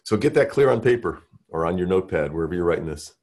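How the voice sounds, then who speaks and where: A man with a deep, husky voice runs an interactive workshop. He coaxes the group along with energy and keeps asking them questions. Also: expressive, fast talker, darkish tone. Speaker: workshop leader.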